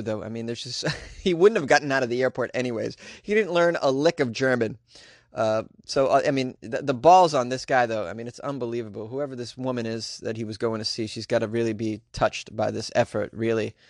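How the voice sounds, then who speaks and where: Animated and brisk, a man with a medium-pitched voice chats casually on his own solo podcast. Sarcastic asides and plenty of fillers run through the talk, recorded in studio quality with no echo.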